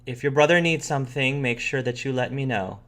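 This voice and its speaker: Gentle mother of two, put on by a man, calm and careful. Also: mid-range voice, brisk, voice pushed up, close to an everyday voice. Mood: patient.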